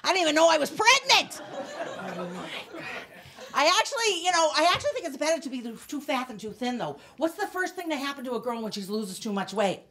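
A woman's voice: sits high, very animated, brisk, sharp tone, a faint crowd, a little hiss or hum. A woman comedian doing a brash, self-mocking stand-up routine in a small studio, teasing the audience. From United States.

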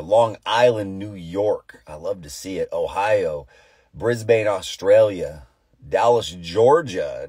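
A man pastoring a live morning devotional from inside a car, chatty and upbeat before turning to hushed, earnest prayer. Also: low-pitched, breathy edge, no echo, clean studio sound.

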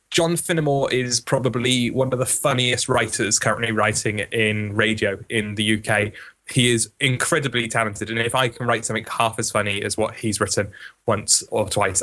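A man's voice: medium pitch, sharp tone. A man co-hosting a casual podcast, breezy and enthusiastic as he talks up a sponsor. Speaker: co-host. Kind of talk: casual podcast chat, reading an ad.

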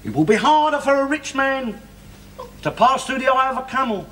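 Ranting bigot. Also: male voice, very high voice, big pitch swings, moderate pace. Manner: ranting, bellowing, sneering. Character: loud, bigoted, blustering working-class father. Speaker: sitcom character. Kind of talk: 1960s TV sitcom acting. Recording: hissy old TV recording.

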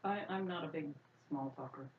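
A woman's voice: sits low, brisk, far from the mic. A woman player in casual tabletop game chat, joking and giggly. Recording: muffled lo-fi recording with steady background noise.

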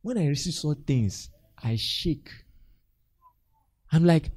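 Nigerian male pastor, high lively voice, dry close sound, animated mentoring sermon. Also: normal speed, no room sound. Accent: Nigerian English. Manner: animated, acts out church members' voices with laughter.

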